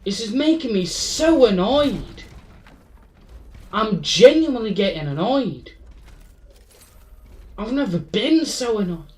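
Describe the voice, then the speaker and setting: Female streamer, slightly high voice, exasperated running commentary full of swearing. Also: expressive, slow, pauses often, distant mic. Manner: frustrated, swearing, talking to herself. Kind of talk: live gameplay commentary.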